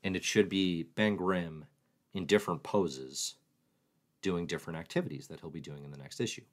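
This low-voiced man speaks at a moderate pace as he hosts a relaxed comics livestream. He reads viewer questions aloud and answers them with jokes, often at his own expense.

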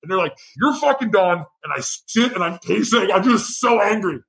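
A man's voice: sits high, lively intonation, brisk, gravelly, fairly bright tone, poor audio. A man who works as a bartender telling a heated, profane story in a casual chat.

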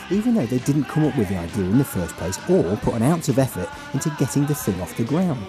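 Give me a wry male podcast host with a lively voice and music behind him. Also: lowish voice. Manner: wry, opinionated storytelling. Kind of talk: scripted narration and casual chat.

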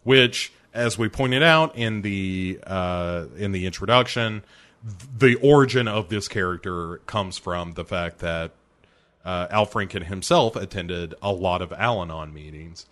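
Lower-voiced man who keeps laughing. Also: a little slow, fairly bright tone. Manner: laughs often while talking. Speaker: podcast co-host. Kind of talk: casual movie-review chat.

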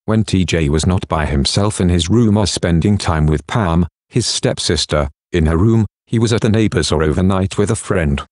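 A man hosting a podcast, reading scripted narration and reflective questions in a measured way. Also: sits low, a little mellow, dry recording, clean studio sound.

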